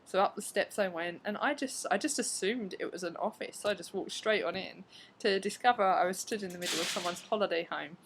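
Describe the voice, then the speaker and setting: A woman's voice: mid-range voice, fairly quick, vocal fry, a little hiss or hum, low-quality recording. A young woman chatting to camera at home, telling stories with lots of fillers and acted-out reactions. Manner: chatty, frequent fillers, acts out her reactions. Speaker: vlogger. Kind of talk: casual storytelling to camera. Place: at home, indoors.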